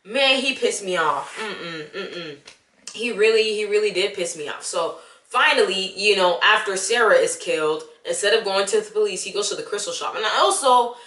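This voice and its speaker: In an echoey room, a young woman vlogs a casual movie review, talking straight to the viewer in an animated, exasperated way. Her mid-range voice is bright and a little sharp, and she keeps a moderate pace.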